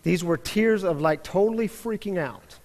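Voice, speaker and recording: Pastor guy in his 30s telling a story in church, pretty high voice, chatty, lots of hall echo. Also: normal speed. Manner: animated, chatty storytelling, speaks to the congregation directly. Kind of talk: storytelling sermon. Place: church sanctuary. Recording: long hall reverb in a church.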